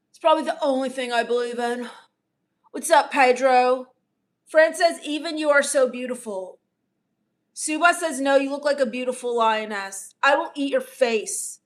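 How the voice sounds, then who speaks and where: A woman's voice: sits high, lightly acted. A woman playing a bratty, self-absorbed teenage livestreamer who reads viewer comments aloud in a snarky, dismissive way. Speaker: comedian doing a livestream character. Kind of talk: improvised livestream comedy.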